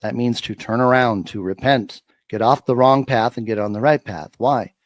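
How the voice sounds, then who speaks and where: A man's voice: mid-range voice, normal speed, no room sound, studio quality. A man giving a faith-filled talk as a guest, emphatic and preacher-like, repeating his points.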